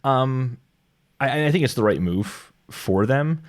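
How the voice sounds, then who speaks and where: A man on a gaming podcast giving his opinion in a measured, thoughtful way with occasional ums. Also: medium pitch, expressive. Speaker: podcast co-host. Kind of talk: casual gaming podcast chat.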